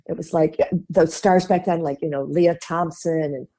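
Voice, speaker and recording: A woman from Chicago with a Midwestern accent, a guest on a podcast, telling chatty and animated stories, laughing often and acting out the voices of people she quotes. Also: low-pitched, normal speed. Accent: Midwestern American. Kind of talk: casual interview storytelling.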